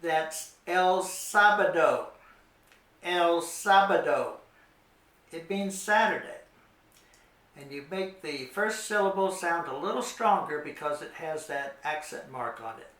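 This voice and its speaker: A middle-aged man giving a slow, patient Spanish lesson for children, repeating each word carefully. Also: a little high, animated, a bit bright, reverberant. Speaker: Spanish teacher.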